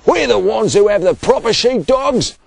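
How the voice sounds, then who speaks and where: A man's voice: medium pitch, very animated, moderate pace, dry recording, pitched above the performer's own voice, lightly acted. A man voicing a jealous, grumbling male sheep shearer in a storybook reading. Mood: indignant.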